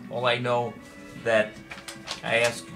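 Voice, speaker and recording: A chatty man hosts a home trivia stream with an easygoing, middle-pitched voice. He rambles between questions with groan-worthy puns and calls out viewers' names. Clear music plays under his talk. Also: monotone, slow. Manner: jokey, chatty, reads out viewer names and answers. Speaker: trivia show host. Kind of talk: casual live-stream trivia hosting.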